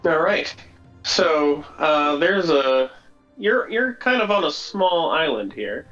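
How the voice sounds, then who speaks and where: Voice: medium pitch, big pitch swings, slow pace, fairly bright tone, muffled recording, soft background music. A game master narrating a tabletop game in a chatty way, with fillers.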